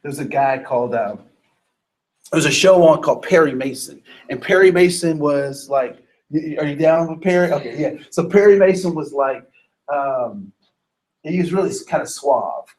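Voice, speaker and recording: Speaking at a normal speed in a fairly high voice, this man runs a diversity training workshop, where he acts out characters as he tells stories and asks the audience questions. The recording is rough.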